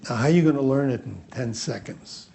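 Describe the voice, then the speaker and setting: A man's voice: mid-range voice, a little fast, vocal fry, warm tone, a little hiss or hum. A man teaching a workshop class, telling anecdotes in a loose, repetitive way and acting out the dialogue. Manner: storytelling, acts out dialogue, repeats himself. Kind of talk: anecdotal seminar lecture.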